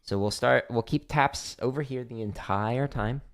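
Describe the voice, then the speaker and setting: A man's voice: medium pitch, a little slow. A man giving a casual, instructional drum lesson on a livestream from his practice room, talking through technique with fillers. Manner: relaxed instructional talk with fillers. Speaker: drum teacher. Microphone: studio microphone near drum setup.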